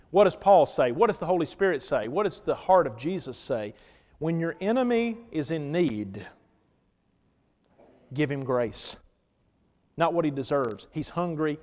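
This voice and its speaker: A man preaching a sermon as pastor, telling stories and swinging between loud emphatic lines and hushed ones. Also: on the high side, in a large hall.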